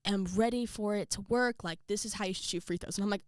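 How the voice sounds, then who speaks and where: A young woman vlogging, casually telling a story to her viewers and acting out quotes with jumps in pitch. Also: animated, fairly quick, dry recording, studio quality.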